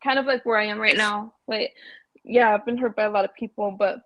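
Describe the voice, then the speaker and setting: Halting woman caller on a livestream. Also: medium pitch, fairly even intonation, dry recording, lo-fi sound. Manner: halting, full of "like" and restarts. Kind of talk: casual, emotional sharing.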